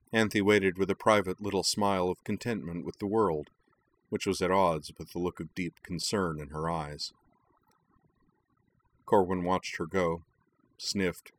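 A man narrating a story in a steady, calm reading voice. His pitch sits very low, and his delivery is measured and unhurried.

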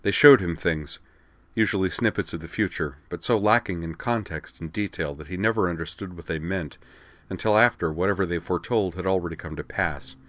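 Man, narrator, very deep, steady, dry close recording. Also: fairly quick, no room sound. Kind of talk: scripted narration.

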